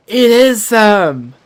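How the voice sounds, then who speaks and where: A gaming YouTuber giving casual, joking commentary while playing and reacting loudly. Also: mid-range voice.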